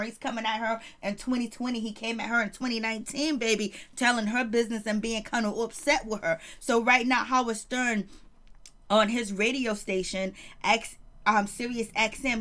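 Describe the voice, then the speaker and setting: Woman, fairly high voice, sassy chatty gossip commentator. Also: fairly bright tone. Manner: chatty, sassy, says "baby" often. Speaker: commentary vlogger. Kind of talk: casual celebrity gossip commentary.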